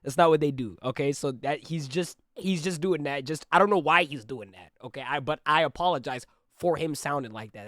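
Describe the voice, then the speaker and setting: A young man streaming a reaction video, talking in a rambling, animated way full of "like" and "you know". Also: mid-range voice, no room sound, studio quality. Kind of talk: casual reaction commentary.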